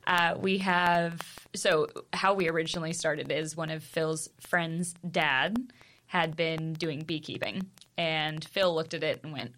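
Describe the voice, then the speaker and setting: Woman in her 30s, podcast co-host, chatty and laughing, lowish pitch. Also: measured pace, fairly bright tone, slight background noise. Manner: chatty storyteller, laughs often. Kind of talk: casual chat.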